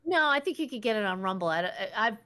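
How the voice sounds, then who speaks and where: A woman's voice: medium pitch, lively intonation, quick pace, pushed and bright, clean tone. Opinionated middle-aged woman co-hosting. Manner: opinionated, retells stories. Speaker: podcast co-host. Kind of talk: casual chat.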